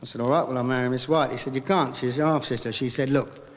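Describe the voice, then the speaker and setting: A man doing stand-up comedy, telling joke after joke in a brisk patter full of "he said", recorded live on stage. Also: medium pitch, steady tone, slight background noise. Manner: rapid gag patter with repeated "he said". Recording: live vinyl recording in a hall with audience laughter.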